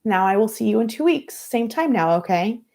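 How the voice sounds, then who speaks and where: A woman's voice: a little high, expressive, moderate pace, a little mellow, voice pushed up. A woman voicing a doting, evasive churchgoing mother who coaxes sweetly and quotes scripture. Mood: preachy. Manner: sweet Southern-style churchy coaxing, quoting scripture.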